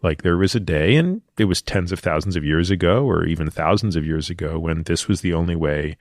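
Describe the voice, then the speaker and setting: A man's voice: low voice, a little fast, no echo, studio quality. A man hosting a podcast, telling a personal story in a thoughtful, reflective way. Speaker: podcast host. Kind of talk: casual interview chat.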